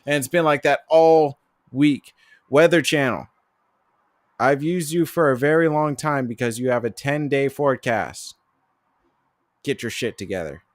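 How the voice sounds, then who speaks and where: A man's voice: mid-range voice, a little slow, long pauses. A young man co-hosting a podcast in casual chat, rambling with lots of fillers and cursing. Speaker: podcast co-host.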